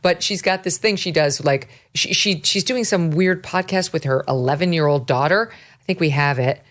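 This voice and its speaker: A woman hosting a talk show, chatting in a sarcastic, mocking way with quick asides. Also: low voice, fairly bright tone. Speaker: show host. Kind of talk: opinionated casual talk show chat.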